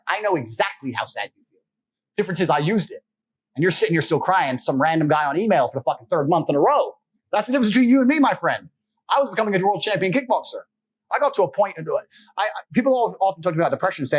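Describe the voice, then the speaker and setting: A man as an interview guest, giving an emphatic motivational talk in a blunt, forceful and profane way. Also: sits high, animated, fast talker, breathy edge.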